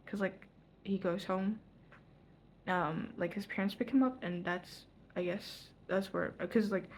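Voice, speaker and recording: A teenage girl in a casual vlog, telling a long story in a rambling way, full of "like" and quick self-corrections. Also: medium pitch, slight background noise. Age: teens. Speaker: vlogger. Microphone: front phone camera.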